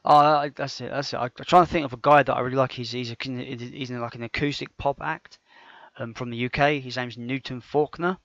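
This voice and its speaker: Brisk and steady, the co-host speaks in a mid-range, slightly bright voice without room sound. His podcast talk is casual, rambling, and enthusiastic, full of stumbling restarts, captured in dull, dry lo-fi audio.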